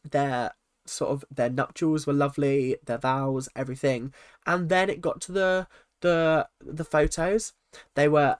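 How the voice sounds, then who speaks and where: A man's voice: a little high, a bit bright, no echo, studio quality. Chatty, exasperated young man ranting. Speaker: reaction vlogger. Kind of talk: casual commentary on a reality show.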